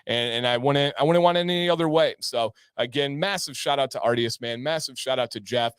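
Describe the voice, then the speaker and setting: Male livestream host, casual and excited, clean dry sound. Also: mid-range voice, fairly quick, clear, resonant tone, dry recording. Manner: enthusiastic, reads out viewer names.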